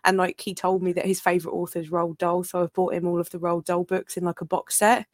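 A woman's voice: on the low side, level tone, fast talker, dry recording. Bubbly laughing woman co-host. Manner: bubbly, laughing, sweary storyteller. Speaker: podcast co-host. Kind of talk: casual chat.

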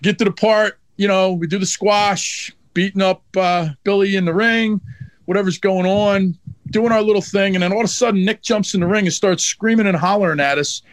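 A high-pitched man telling a blunt, profanity-laced backstage story with animated energy. His voice is recorded dry and close, with no room sound. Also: moderate pace, no echo. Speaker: wrestling manager guest. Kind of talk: candid storytelling interview.

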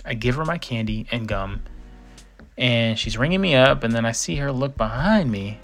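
A man's voice: mid-range voice, expressive, normal speed, a bit bright, faint music behind. Casual young man telling a story. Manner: casual, conversational with dramatic quoted asides. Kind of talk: first-person storytelling.

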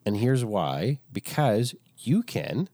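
A man co-hosting a casual faith podcast, playful and quick to joke. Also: fairly low pitch, sing-song, dark tone, no echo, clean studio sound. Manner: playful, jokey, jumps into silly voices. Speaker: podcast co-host.

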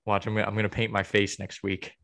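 A man's voice: on the low side, completely flat delivery, fast, a bit bright. A young man co-hosting a podcast, venting in a rambling, exasperated way with many restarts. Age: young adult. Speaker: podcast co-host. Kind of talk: casual chat.

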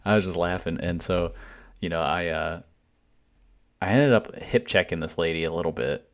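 A man's voice: deep voice, moderate pace. A man co-hosting a podcast, telling a concert story in a blunt, casual way and swearing freely. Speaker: podcast co-host.

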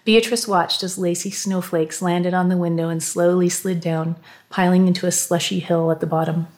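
A woman narrating an audiobook in a calm, measured way. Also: lowish voice.

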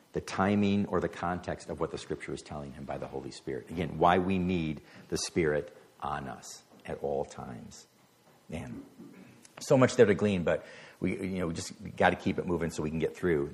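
A man teaching a Bible passage, reading the verses aloud and then explaining them in a relaxed, conversational way. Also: deep voice. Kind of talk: sermon-style Bible teaching.

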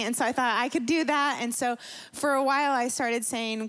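A woman's voice: fairly high pitch, steady tone, normal speed, fairly bright tone. A woman sharing a personal testimony during a church service, candid and self-deprecating, often restarting her sentences. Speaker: pastor's wife sharing a testimony. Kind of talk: sermon testimony. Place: church stage.

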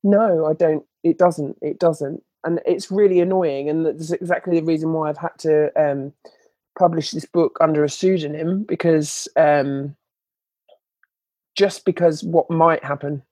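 A young woman with a deep, warm voice speaks a little slowly with fairly even intonation, and there's no echo. In a candid podcast interview, this children's book author tells her story as a guest. She's chatty and leans heavily on fillers like "like" and "you know."

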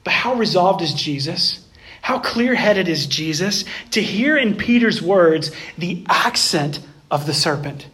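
A man preaching a sermon, emphatic, swinging between raised passages and hushed ones, and addressing the listeners as "guys". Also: sits high, animated, measured pace. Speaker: pastor.

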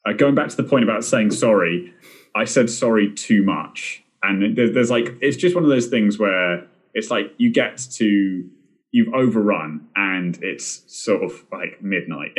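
A young man chatting casually on a podcast, rambling and self-deprecating with plenty of fillers and restarts. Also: lowish voice. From Britain. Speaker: film director and podcast guest.

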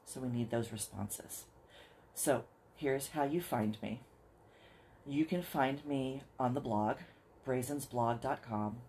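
A podcast host talking straight to listeners in an earnest, encouraging way, slowing down to spell things out. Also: mid-range voice, darkish tone, a little hiss or hum. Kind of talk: solo podcast talk to listeners.

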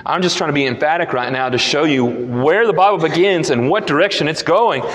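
In a large hall, a man preaching as pastor hammers home key phrases through repetition, his voice a bit bright and emphatic, then sinks low and slows down for the scripture readings.

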